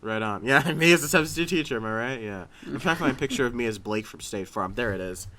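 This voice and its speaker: A man's voice: medium pitch, animated, quick pace, crowd noise. A man co-hosting a casual podcast over a call, rambling, laughing often, and stammering and repeating his words. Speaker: podcast co-host. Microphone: remote call.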